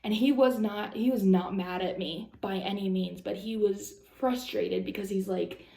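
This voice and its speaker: Chatty young woman with a gravelly voice. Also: mid-range voice, fairly even intonation, normal speed, warm tone, echoey room. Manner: rambling, lots of "like" and "um", anxious retelling. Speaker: vlogger. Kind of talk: casual storytelling vlog.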